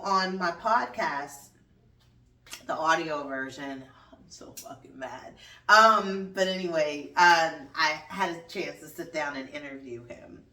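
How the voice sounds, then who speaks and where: A woman in her thirties hosting her podcast in casual solo chat, animated, swearing and laughing as she talks. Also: sits low, recorded from a distance. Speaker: podcast host. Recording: roomy echo, off-mic.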